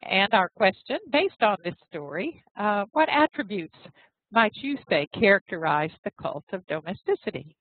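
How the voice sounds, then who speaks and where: Casting note: woman seminar host, lively pitch, dry phone-quality audio. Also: moderate pace, no echo. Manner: conversational, with frequent fillers. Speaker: education program presenter. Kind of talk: online seminar presentation and story reading.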